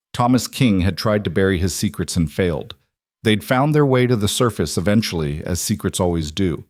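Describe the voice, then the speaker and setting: A man narrating a suspense story in a measured, scripted way. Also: fairly low pitch, a little mellow, no room sound, clean studio sound.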